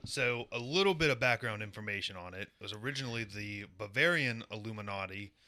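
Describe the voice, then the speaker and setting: Male co-host, low pitch, bright edge, dry mic, deadpan explainer. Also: fast, dry recording. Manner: dry, explanatory, with crude asides. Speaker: podcast co-host presenting a conspiracy segment. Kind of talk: casual podcast chat.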